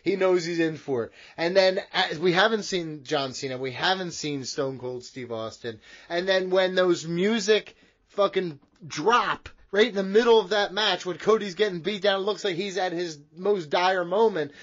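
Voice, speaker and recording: A man co-hosting a podcast, arguing loudly and profanely in a casual wrestling chat. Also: high voice, moderate pace. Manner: loud, profane, argumentative. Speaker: podcast co-host. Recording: dull lo-fi podcast audio.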